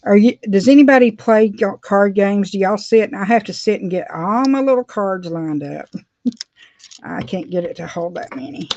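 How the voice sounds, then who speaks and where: A woman's voice: mid-range voice, moderate pace, darkish tone, a little hiss or hum. A middle-aged woman, chatting casually and rambling with frequent laughs while doing her nails for a vlog. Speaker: beauty vlogger. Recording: dull dry lo-fi sound.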